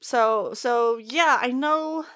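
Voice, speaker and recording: A woman's voice: a little high, very slow. A young woman chatting casually, recapping a TV episode with lots of swearing and laughter. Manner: animated, swears freely, laughs often.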